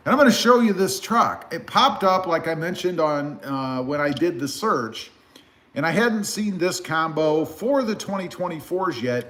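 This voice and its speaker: A man from South Texas hosting a casual car livestream on a phone, reading viewer comments in a relaxed, rambling way. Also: on the high side. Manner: relaxed, rambling with many fillers. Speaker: car channel host. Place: live stream over phone.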